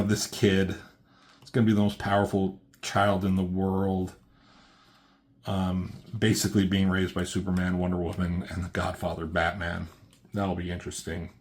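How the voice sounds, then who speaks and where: Low-voiced, laid-back comic book reviewer guy. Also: little pitch movement, measured pace, pauses often. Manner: rambling, filler-heavy, laid-back. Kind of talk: casual comic recap.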